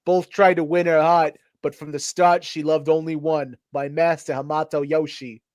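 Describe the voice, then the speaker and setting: A man's voice: a little high, flat delivery, moderate pace, a little mellow, dry recording, natural voice. A man voicing an old male rat martial arts master in a put-on New York accent, telling his story solemnly. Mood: storytelling.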